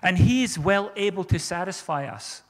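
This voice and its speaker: Pastor, male, higher register, fervent preaching with repeated emphatic phrases, reverb of a church hall. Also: lively intonation, moderate pace. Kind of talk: sermon.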